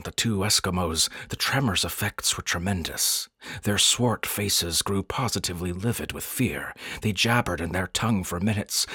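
Male narrator for a pulp adventure tale: deep, husky, dry close recording, measured dramatic delivery. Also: pushed and bright, no echo. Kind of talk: scripted narration of a pulp science fiction story.

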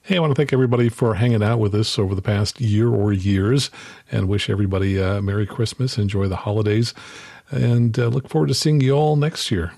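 A man co-hosting a podcast, giving relaxed holiday thanks to listeners. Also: on the low side, a little fast, creaky, dry recording, clean studio sound. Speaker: podcast co-host. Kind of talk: casual sign-off.

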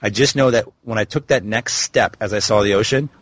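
On a podcast, a thirtysomething male guest shares a personal story with candor and reflection, in a storytelling-interview format. His voice sits fairly low and his pace is a little quick.

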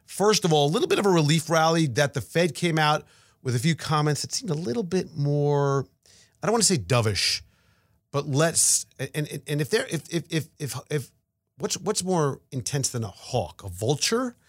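A man's voice: on the high side, normal speed, no room sound, studio quality. A man co-hosting a podcast, chatting casually about markets with rambling restarts and repeated words. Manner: rambling, stammering restarts, animated. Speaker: podcast co-host.

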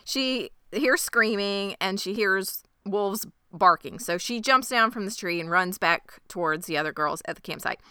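A woman co-hosting a podcast, narrating a TV episode casually with lively, profane asides. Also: mid-range voice, normal speed, few pauses, clear, resonant tone, no echo, studio quality. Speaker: podcast co-host. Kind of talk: casual chat.

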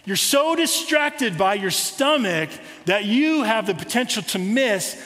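A man's voice: sits high, lively intonation, measured pace, a bit bright, in a large hall. A male pastor preaching a sermon in a conversational way, asking the congregation questions.

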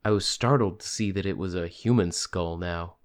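A man narrating an audiobook in a steady, even reading. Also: sits low, normal speed. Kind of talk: scripted narration.

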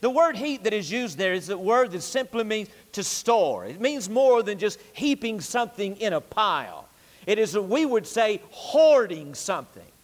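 A man's voice: high voice, big pitch swings, moderate pace, in a large hall. A male pastor preaching an evening sermon in an emphatic, repetitive preaching cadence, recorded in a church sanctuary.

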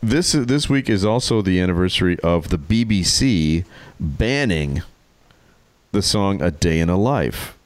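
Man, deep voice, lively swings in pitch, wry podcast banter, dry sound. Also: a little slow, dry recording. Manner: joking, wry storyteller. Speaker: podcast co-host. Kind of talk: casual comedic chat.

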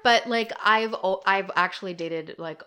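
A young non-binary podcast co-host chatting casually, full of "like" fillers and quick laughs. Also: medium pitch, bright, forceful tone, clear, resonant tone. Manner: chatty, giggly, lots of "like" fillers. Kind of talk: casual chat.

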